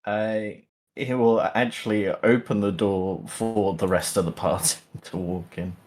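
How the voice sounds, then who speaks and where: A man playing a tabletop role-playing game, describing his character in slow, drawn-out phrases. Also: lowish voice, steady tone, darkish tone, slight background noise. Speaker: player.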